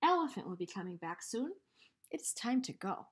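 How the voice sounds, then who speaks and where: A woman reading a storybook aloud, voicing a sly, greedy male spider trickster in a high, teasing voice. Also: sing-song, normal speed, slight background noise, natural voice. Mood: playful.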